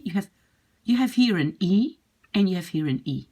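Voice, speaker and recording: A woman's voice: lowish voice, lively intonation, normal speed, warm tone. A woman teaching a language lesson, patiently explaining and repeating pronunciation examples. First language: French or Dutch. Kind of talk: explaining French grammar in English.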